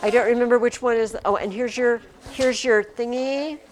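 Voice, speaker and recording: A woman's voice: on the high side, fairly even intonation, moderate pace. A woman teacher talking to her class in a chatty, rambling way, often breaking off mid-sentence. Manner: chatty, rambling, self-interrupting.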